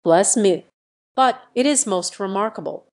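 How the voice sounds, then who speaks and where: Synthetic woman reading an excitable old gentleman. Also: medium pitch, unhurried. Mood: amazed. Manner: exclamatory, old-fashioned. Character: excitable older gentleman scholar.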